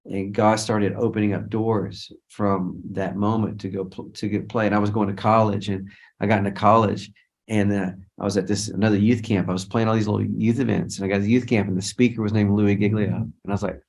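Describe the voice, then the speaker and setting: A middle-aged man speaks as a guest on a casual interview, telling an old story at length. His voice sits low. He keeps restarting his sentences and acts out what people said to him. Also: level tone, fairly quick, creaky, darkish tone. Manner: rambling, with frequent restarts and quoted dialogue. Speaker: guest songwriter and worship leader.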